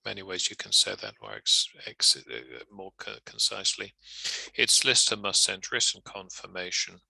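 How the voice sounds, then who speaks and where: A man teaching grammar and punctuation in a relaxed lecture, with a chatty manner and casual asides. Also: fairly low pitch, moderate pace, creaky, husky, no echo, rough recording. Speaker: legal writing trainer. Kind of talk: instructional lecture.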